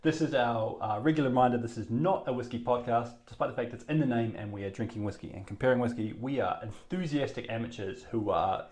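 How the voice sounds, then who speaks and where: A man's voice: mid-range voice, fast, few pauses, darkish tone, echoey room. A man with a New Zealand accent co-hosting a casual whiskey-tasting podcast, wry and teasing. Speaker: podcast co-host.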